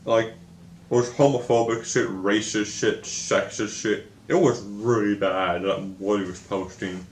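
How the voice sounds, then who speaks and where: Young man, lowish voice, casual frustrated rant, profanity, echoey room. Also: steady tone, measured pace, slight background noise. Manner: frustrated, swearing often, repeats himself. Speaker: video creator.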